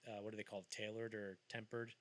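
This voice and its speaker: A man co-hosting a casual film podcast, rambling through anecdotes and acting out scenes in loud, high voices. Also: flat delivery, fast talker, no room sound. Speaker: podcast co-host.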